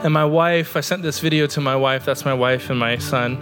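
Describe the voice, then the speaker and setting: Music plays in the background as a thirtysomething pastor from Oregon, USA, preaches in a church sanctuary. His mid-range voice moves briskly, and his earnest, conversational delivery is peppered with "like."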